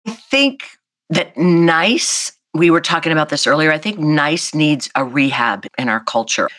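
Bright-voiced woman in her sixties. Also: deep voice, measured pace, dry recording. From South Carolina, US. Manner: animated, vivid storyteller acting out voices. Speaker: guest. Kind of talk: storytelling in a conversation.

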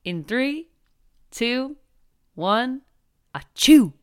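Female sports podcast co-host, smooth clear tone, casual and emphatic. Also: medium pitch, moderate pace. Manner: animated, laughing, emphatic.

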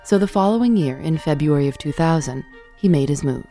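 A woman hosting a podcast, narrating in a measured, clear way and putting questions to her guest. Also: low voice, lively intonation, warm tone, soft background music. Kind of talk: scripted narration and interviewing.

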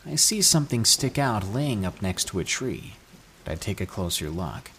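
A man reading true scary stories aloud, with an expressive storytelling delivery. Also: lowish voice, moderate pace, slight background noise. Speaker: narrator.

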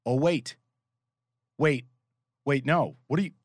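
A podcast co-host with a mid-range voice speaks slowly in a casual sports betting chat, recorded dry with clean studio sound. He tells stories in a profane, exasperated way.

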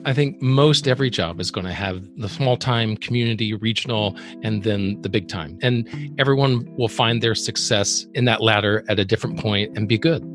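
A man's voice: on the low side, normal speed, few pauses, a bit bright, faint music behind. A man hosting a podcast interview, talking casually and telling stories about his own auditions. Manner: conversational, shares anecdotes, laughs along. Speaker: podcast host.

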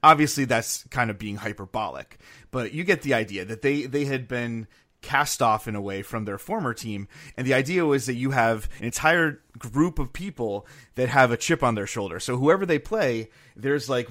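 A man on a sports podcast working through an idea step by step, in a casual and thoughtful way. His voice sits at a medium pitch, and he asks his co-host for his view. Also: animated, a little fast, a bit bright.

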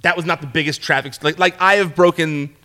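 Young guy telling a crazy story, bright kinda high voice, lots of likes and restarts, does little voices for quotes. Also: quick pace. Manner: animated storyteller, acts out quotes in a higher voice, many fillers and restarts. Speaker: podcast guest, former entertainment reporter. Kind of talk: casual storytelling chat.

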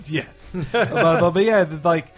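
A man's voice: a little high, slow pace, faint music behind. Rambling conversational man. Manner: rambling, thinks aloud with restarts. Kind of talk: casual chat.

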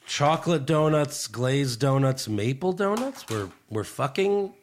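A man's voice: mid-range voice, expressive, a little slow, slight background noise. A man hosting a casual podcast, joking and swearing as he reads out listener questions. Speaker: podcast host. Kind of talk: casual chat.

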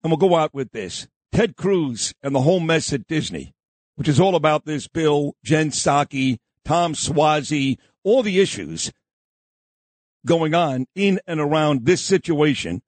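Husky lively radio host guy, combative, repeats himself a lot. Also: on the high side, a little slow, no echo. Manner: combative, insulting, repeats himself, shouts down opponents. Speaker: radio talk show host. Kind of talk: opinionated talk radio monologue.

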